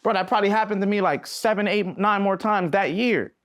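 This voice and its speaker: A man's voice: high voice, a little fast, dry recording. A young man, a musician guest on a podcast, telling stories in a casual, slangy way and acting out voices. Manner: animated, slangy, acts out voices in his stories. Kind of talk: casual storytelling.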